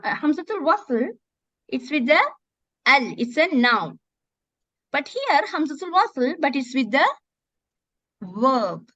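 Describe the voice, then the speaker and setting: A woman teaching Quran recitation in an online lesson, demonstrating words slowly and often correcting herself. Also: high-pitched, dry recording. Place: online video call. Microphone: computer mic on a video call. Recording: dull, dry video call audio.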